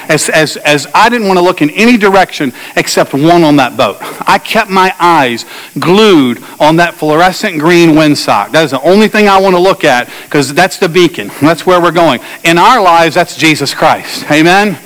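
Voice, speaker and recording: A middle-aged man preaching a sermon, telling a personal story with animated delivery and acting out shouted quotes. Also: high-pitched, moderate pace, in a large hall, low-quality recording. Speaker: pastor.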